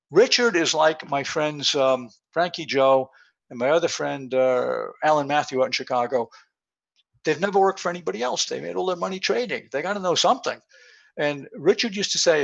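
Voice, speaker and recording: A man in his seventies gives a rambling conference talk over a call, full of stories and fillers. His voice is a little high and fairly bright, with vocal fry. The call audio is muffled and lo-fi.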